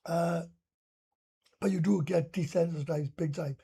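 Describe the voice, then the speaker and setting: A man's voice: on the high side, steady tone, a little slow, creaky, dark tone, slightly rough. A Welsh man hosting a casual live stream, reading viewer comments aloud and answering them bluntly, swearing freely and often restarting his sentences. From Wales.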